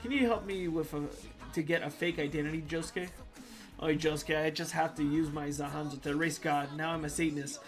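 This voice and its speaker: A man with a somewhat high voice reads viewer jokes on a livestream. His delivery is loud, goofy and joking. Music plays clearly in the background. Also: fairly even intonation, brisk. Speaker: streamer reading viewer jokes. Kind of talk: comedic reading on a livestream. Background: music playing.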